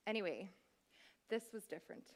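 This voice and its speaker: A woman's voice: mid-range voice, animated, brisk. Wry woman telling a stage story. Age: 30s. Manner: chatty, wry, addresses the audience directly. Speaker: cabaret performer. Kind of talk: comic storytelling monologue on stage. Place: theatre stage.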